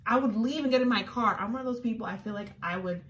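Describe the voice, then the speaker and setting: A woman hosting a casual chat, talking in quick back-and-forth and acting out her own replies. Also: a little high, a bit bright, far from the mic, a little hiss or hum. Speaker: host.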